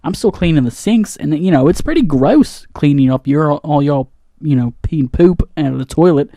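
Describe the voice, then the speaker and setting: A man's voice: fairly high pitch, animated, normal speed, mellow, no room sound. A man hosting a comedy podcast, ranting in a flustered, rambling monologue full of restarts, recorded in a studio booth on a studio microphone. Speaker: comedy podcast host playing a janitor.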